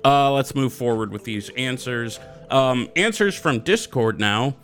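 A man hosts a loose gaming podcast in a bright, forward voice. He rambles and swears casually, chasing tangents mid-thought. Faint music plays underneath. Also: medium pitch, animated, a little slow. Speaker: podcast co-host.

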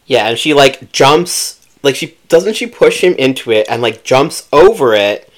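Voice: mid-range voice, expressive, measured pace. A podcast co-host chatting casually about a book, with lots of fillers and acted-out quotes.

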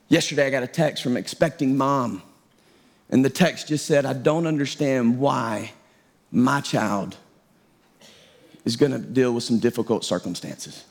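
A middle-aged male pastor preaching a sermon in a conversational, self-deprecating way. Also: fairly high pitch.

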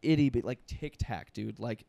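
A man's voice: medium pitch, moderate pace, creaky, mellow, no echo. A young man in casual chat, telling a story with lots of swearing and filler words.

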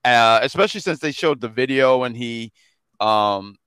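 A man co-hosting a podcast in casual chat, animated and prone to laughing and tripping over his words. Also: mid-range voice, normal speed, clean tone, no room sound. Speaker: podcast co-host.

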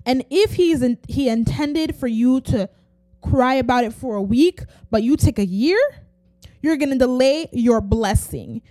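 A woman's voice: high-pitched, darkish tone, no room sound. A woman hosting a podcast, giving an earnest, preachy motivational faith talk and acting out quoted voices. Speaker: podcast host.

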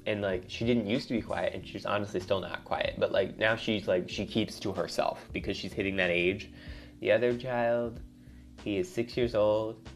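A man's voice: on the low side, steady tone, moderate pace, soft background music. Young man ranting with rising intensity. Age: young adult. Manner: rambling, swears a lot, voice climbs when riled up. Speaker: college student venting to camera. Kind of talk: casual rambling monologue.

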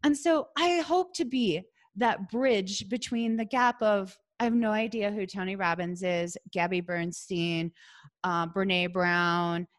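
A woman's voice: medium pitch, takes it slowly. A woman from the Midwest, hosting a casual solo podcast in a chatty, earnest way, with lots of "like.". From American Midwest. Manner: chatty and earnest, heavy use of "like". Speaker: podcast host.

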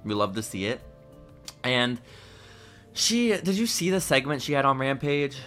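Bright-voiced man joking about wrestling. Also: medium pitch, very animated, unhurried, soft background music. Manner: joking, teasing, mocks promos in put-on voices. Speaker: podcast co-host. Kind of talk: casual wrestling podcast chat.

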